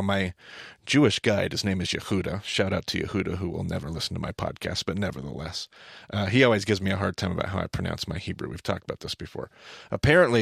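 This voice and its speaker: A man with a low, gravelly voice teaches on a podcast in a casual, explanatory way. He stresses his points and often stops to correct himself mid-sentence. The sound is dry and close, with no room echo. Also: a bit bright. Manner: explanatory, self-correcting, emphatic.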